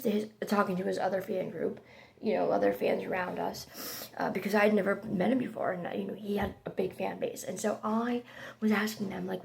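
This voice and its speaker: A woman telling a casual storytime, chatty and excitable, her voice drifting between hushed and loud. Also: mid-range voice, fairly quick, vocal fry, a little hiss or hum.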